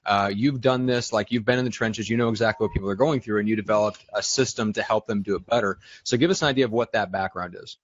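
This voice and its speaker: A man hosting a podcast in an energetic, joking style, with quick banter. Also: on the low side, lo-fi sound. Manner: fast, hyped, joking. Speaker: podcast host.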